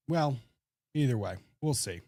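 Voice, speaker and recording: A man hosting a live stream in a loose, chatty, self-deprecating way. His voice is dark and mellow, close on a desk microphone in a dry room with no echo. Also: mid-range voice. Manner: chatty, self-deprecating, reads chat aloud. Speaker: livestream host. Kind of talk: casual livestream chat. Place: small home studio room.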